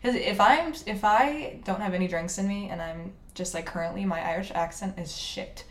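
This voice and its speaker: An American woman in her young adult years, co-hosting a casual podcast chat, animated and quick to laugh. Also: mid-range voice, roomy sound. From United States. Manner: laughs often, animated storytelling. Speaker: podcast co-host.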